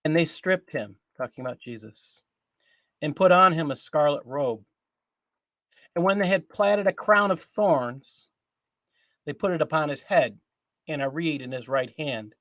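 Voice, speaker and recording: A man hosting a Christian news show, reading scripture and commenting in an earnest, deliberate way over a call mic. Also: on the high side, lively intonation, a bit bright, dry recording.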